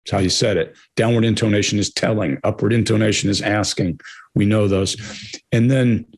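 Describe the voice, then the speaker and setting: A man co-hosting a live Q&A, talking fast and explaining things, with a hoarse voice. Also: on the low side, fairly even intonation. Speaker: co-host answering viewer questions. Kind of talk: live Q&A talk.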